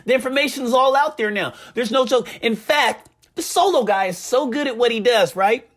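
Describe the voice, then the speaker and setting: A very high-pitched man offers casual commentary on his gaming community at a moderate pace. He tells stories in an animated way and keeps coming back to a catchphrase.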